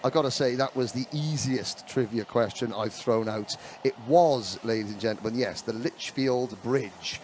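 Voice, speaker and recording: A man giving live kart race commentary, chatty and excitable, breaking into rapid bursts as the action heats up. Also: mid-range voice, a little hiss or hum.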